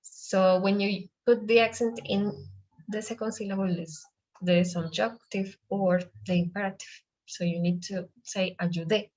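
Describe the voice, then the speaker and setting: A woman's voice: mid-range voice, steady tone, a little mellow. A woman teaching over a video call, taking her time and spelling out each point with patience. Her voice comes through dull and lo-fi, as online class audio does. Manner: slow, patient explanations mixing two languages. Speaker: Spanish teacher.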